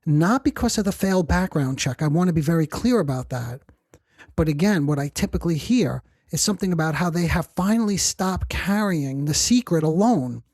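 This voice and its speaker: A psychotherapist hosting a podcast, explaining ideas in a measured, clinical way and often rephrasing points and quoting patients. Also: mid-range voice, expressive, a little mellow, dry recording.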